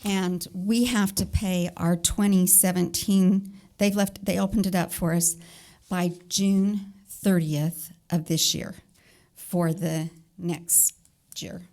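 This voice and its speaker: A woman's voice: on the low side, steady tone, slow, darkish tone. A woman on city staff explaining budget details in a council meeting, with some hesitant fillers. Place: council chamber.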